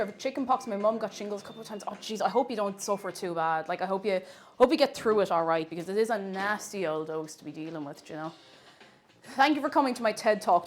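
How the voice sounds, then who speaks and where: Lively, high-pitched Irish woman chatting. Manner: animated, rambling and laughing, reads out chat messages. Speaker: streamer. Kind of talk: casual live-stream chat while baking.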